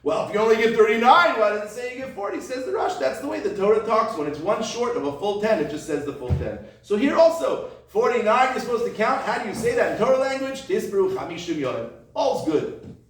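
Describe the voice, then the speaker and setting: A man's voice: high-pitched, sing-song, brisk, slight background noise. A man teaching a Torah class, explaining step by step and repeating his points rhetorical questions. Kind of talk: conversational Torah lecture. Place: classroom or study hall. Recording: echoey room, voice from far off the mic.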